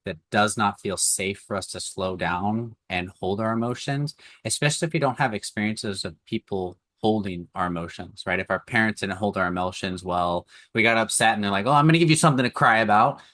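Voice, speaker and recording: A man hosting a relationship podcast, calmly asking questions and reflecting back on what his co-host says. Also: fairly low pitch, moderate pace, few pauses, dry recording, studio quality. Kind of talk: casual reflective conversation.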